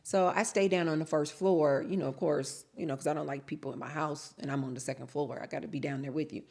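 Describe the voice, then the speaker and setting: A woman's voice: deep voice, fairly even intonation, quick pace, gravelly, darkish tone, breathy edge. A woman vlogger chatting casually to her viewers, telling a story and acting out both sides of the dialogue. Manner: chatty, storytelling, addresses viewers as you guys; acts out both sides of quoted exchanges.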